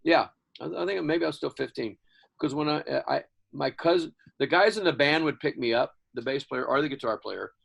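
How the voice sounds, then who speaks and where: Older man from Houston, gravelly voice, rambling animated storyteller, interview guest. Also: fairly high pitch, a little fast. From Houston, Texas. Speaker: guest musician.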